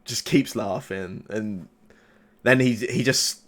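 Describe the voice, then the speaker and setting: Halting male game master narrating. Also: fairly low pitch, a bit bright. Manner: halting, with many restarts.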